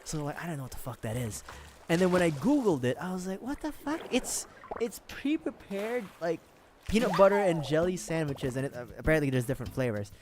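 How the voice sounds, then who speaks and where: A man's voice: fairly high pitch, animated, fast talker, a crowd in the background. A man from the Philippines chatting casually with viewers on a gaming livestream, laughing often and swearing freely as he rambles.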